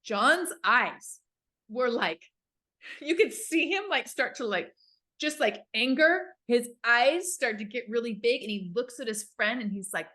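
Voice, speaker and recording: Bright-voiced woman telling a story. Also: a little high, a little slow. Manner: animated, acts out quoted voices. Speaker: podcast co-host. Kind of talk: casual storytelling chat.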